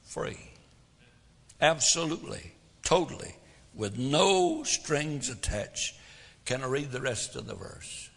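Folksy preacher, gravelly, booming hall. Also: male voice, animated, slow, a bit bright. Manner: folksy, rhetorical questions, dramatic swells and drops. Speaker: pastor. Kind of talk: sermon.

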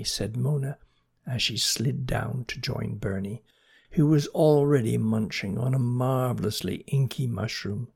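A storyteller reading a children's animal story aloud with gentle, expressive narration. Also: mid-range voice, measured pace, creaky, husky.

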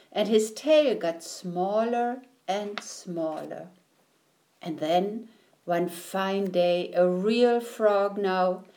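Woman reading a kids' picture book, slow and gentle, easy mid voice. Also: mid-range voice. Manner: gentle, deliberate storytelling. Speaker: storyteller. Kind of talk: children's picture book read aloud.

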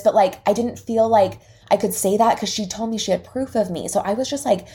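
A young woman hosting a podcast, telling a personal story in a lively way and acting out the dialogue. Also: on the high side, fast. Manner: lively retelling that acts out quoted dialogue. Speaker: podcast host and salon owner. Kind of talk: casual storytelling.

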